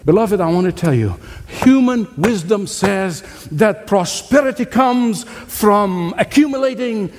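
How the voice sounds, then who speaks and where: Brief: male pastor, high voice, lively sermon delivery, hall reverb. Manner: animated preacher, acts out voices with laughs. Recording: long reverb of a large hall.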